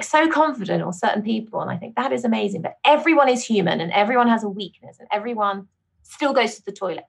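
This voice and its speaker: A middle-aged woman with a British accent, a vocal coach chatting as a guest on a podcast, laughing often and jumping into bright, high exclamations. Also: creaky, husky. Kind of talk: casual interview chat.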